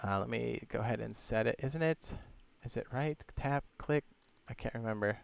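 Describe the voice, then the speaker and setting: A man's voice: mid-range voice, moderate pace, gravelly, smooth. A man streaming a game live, casually walking viewers through how things work step by step and answering chat questions with playful asides. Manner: chatty, explains step by step while reading chat questions aloud; playful asides and goofy sound effects.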